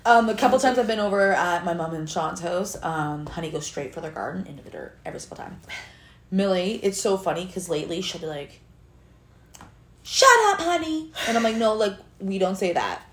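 A woman's voice: fairly low pitch, fast, roomy sound. A young woman co-hosting a casual podcast chat, telling funny stories with lots of giggling. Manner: giggly, animated storyteller. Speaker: podcast co-host.

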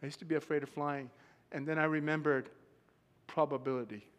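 A pastor delivers his sermon in a church, his somewhat high voice ringing through a long hall reverb. He tells stories with animated acted-out quotes and laughs often as he talks. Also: a little fast. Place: church sanctuary.

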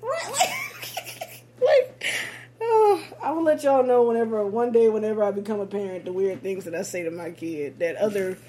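A woman co-hosting a podcast in casual chat, laughing constantly and talking in animated slang. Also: mid-range voice, moderate pace. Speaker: podcast co-host.

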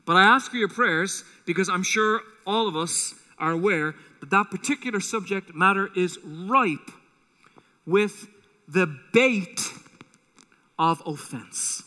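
A man preaching a sermon as pastor, animated and acting out quotes with a rising voice, in a church auditorium. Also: high-pitched, slow pace. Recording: long hall reverb.

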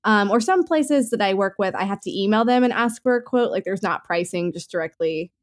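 A woman co-hosting a podcast in casual, easygoing chat. She rambles in an upbeat way and leans on fillers as she talks. Her pitch sits in an ordinary middle range. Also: lively intonation, a little fast. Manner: chatty, filler-heavy, upbeat. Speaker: podcast co-host.

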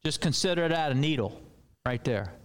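A man's voice: on the high side, expressive, moderate pace, smooth. A man preaching a sermon in a loose, conversational way with rambling asides.

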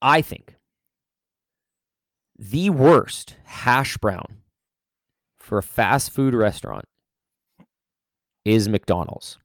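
A man's voice: lowish voice, animated, drawn-out words, long pauses, dry recording, studio quality. Rambling, teasing man on a podcast. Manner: rambling, restarts and playful teasing. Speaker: podcast co-host. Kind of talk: casual chat.

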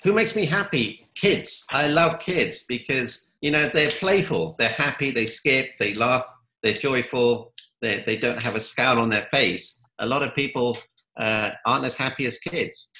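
A man's voice: mid-range voice, a little slow, sharp tone, reverberant, poor audio. A man giving upbeat motivational answers in an interview, telling stories. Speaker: guest, coach.

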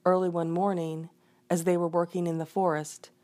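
A woman reading a folk tale aloud in an expressive storytelling manner. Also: lowish voice, moderate pace. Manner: expressive, voices the characters.

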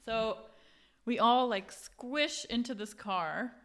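A young woman in casual chat, telling a story with lively quoted voices, swearing and laughing. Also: on the high side, slow. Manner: animated, acts out quotes, swears, laughs often.

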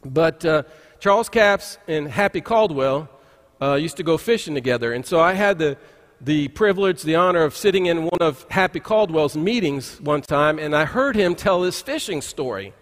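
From the pulpit, a high-pitched male pastor with a fairly bright tone and lively intonation gives a conversational sermon at a moderate pace. His folksy storytelling keeps restarting with an "uh," and his words echo with the long reverb of a big sanctuary.

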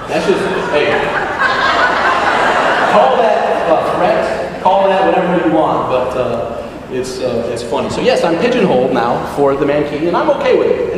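A man giving a humorous, self-deprecating motivational talk on stage, building up to punchlines. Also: fairly high pitch. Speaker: motivational speaker. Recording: echoey hall from far off with room noise.

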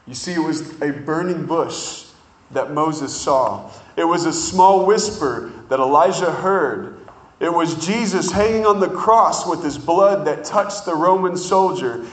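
A man preaching a sermon, telling stories in an animated way and drawing out words for emphasis. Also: a little high, echoey room, low-quality recording. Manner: animated storytelling with drawn-out emphasis.

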